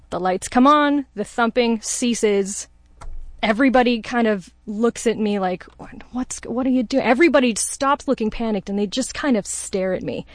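A woman's voice: fairly high pitch, no echo. A woman telling a comedic personal story as a guest, self-deprecating and acting out the voices of the people in it. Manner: lively, self-deprecating, acts out voices in quotes.

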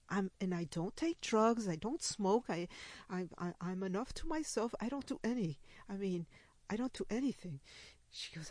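A woman's voice: mid-range voice, no echo. An older woman telling a personal story, laughing often and acting out what others said. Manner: animated, laughs while telling, acts out others' lines.

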